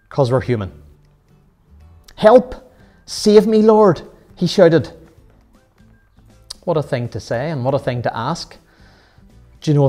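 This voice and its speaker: A man's voice: medium pitch, darkish tone. A man leading a children's Sunday school Bible lesson, earnest and full of rhetorical questions.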